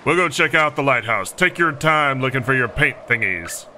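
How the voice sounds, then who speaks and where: A man voicing a gruff, hearty toad pirate captain in a pirate drawl mixed with Texan, reading game lines aloud over game music. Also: medium pitch, animated, normal speed, sharp tone, a little hiss or hum. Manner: growling pirate exclamations.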